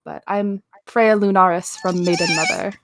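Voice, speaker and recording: A woman playing a shaken young tailed heroine in a tabletop game, halting and earnest. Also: mid-range voice, wildly swooping pitch, noisy background. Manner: halting, earnest, stumbling over words. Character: shaken young woman with a tail, long imprisoned.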